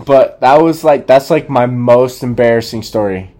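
A young man in casual podcast chat, speaking in a halting, low-key way full of fillers. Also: mellow. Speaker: podcast co-host.

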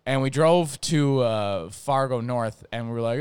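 Smooth-voiced young man telling stories. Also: medium pitch, expressive, a little slow, no room sound, clean studio sound. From North Dakota. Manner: rambling, profane, lots of fillers and restarts. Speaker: podcast host. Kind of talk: casual storytelling monologue.

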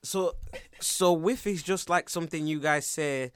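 A man's voice: fairly high pitch, measured pace, a bit bright, clean tone. A young man in casual banter who interjects with dry, questioning remarks. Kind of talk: casual banter among friends.

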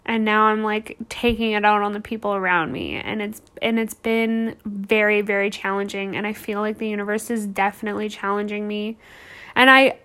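A woman's voice: mid-range voice, fairly even intonation, normal speed, fairly bright tone. A woman in her thirties hosting a podcast, telling a candid personal story in an emotional, rambling way full of restarts and fillers. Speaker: podcast host.

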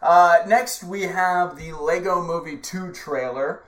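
A man's voice: high-pitched, slow pace, fairly bright tone, roomy sound. A man in his thirties co-hosting a casual podcast, laughing often and restarting his sentences. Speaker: podcast co-host. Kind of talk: casual chat.

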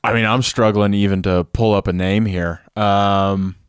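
A man's voice: on the low side, steady tone, measured pace, smooth, no room sound, studio quality. A man co-hosting a casual sports podcast, easygoing and a little unsure. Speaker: podcast co-host.

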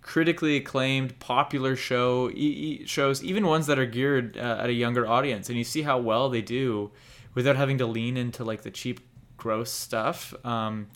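A man's voice: mid-range voice, fairly even intonation, normal speed, fairly bright tone. A young man in casual conversation on a podcast he co-hosts. He rambles candidly, circling back to his points and dropping the occasional swear word. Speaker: podcast co-host. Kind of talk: casual chat about anime.

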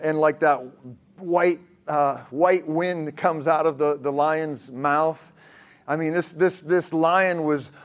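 A man preaching a sermon, telling a vision story in an earnest way with many restarts and repeated words. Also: fairly high pitch. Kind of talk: sermon testimony.

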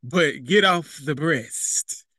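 A man's voice: fairly high pitch, drawn-out words, pushed and bright, no room sound. A young man preaching a sermon, talking plainly and conversationally, slipping into casual street phrasing and acting out what people say. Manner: conversational preaching with vernacular asides and quoted voices.

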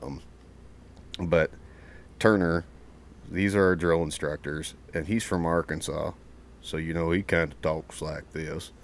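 A man's voice: deep voice, fairly even intonation, unhurried, pauses often, slight background noise. A man hosting a casual podcast from his closet, telling rambling stories and swearing freely. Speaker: podcast host.

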